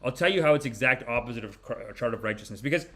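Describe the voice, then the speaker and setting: A man in his forties hosting a podcast, giving rambling, animated, mock-preachy comic commentary. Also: medium pitch, fast. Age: 40s. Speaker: podcast host. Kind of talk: comedic commentary.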